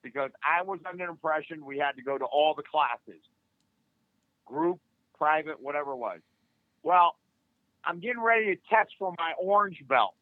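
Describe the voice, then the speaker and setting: An older man with a notably high voice tells a story in a lively, casual way, slipping into the voices of the people he quotes. He is a martial arts instructor appearing as a podcast guest. He comes through a thin, phone-like line with no room sound at all. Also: moderate pace, pauses often, dry recording. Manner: animated, acts out quoted dialogue. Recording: tinny phone-like line, dry.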